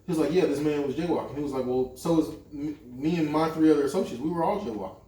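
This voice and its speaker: Here a young male co-host talks quickly in a fairly high voice, recounting a long story from his own life to friends. The telling is lively, crude and full of quoted lines as he performs each character. Echo fills the room, and the microphone is placed some distance away.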